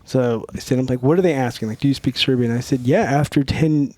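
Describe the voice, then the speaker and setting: A man's voice: medium pitch, a little fast. A middle-aged man from Northern California telling a wild story on a podcast, swearing freely, laughing often and acting out the dialogue. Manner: profane, laughing, animated retelling with quoted dialogue. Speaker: podcast guest, former Navy SEAL. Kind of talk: casual storytelling.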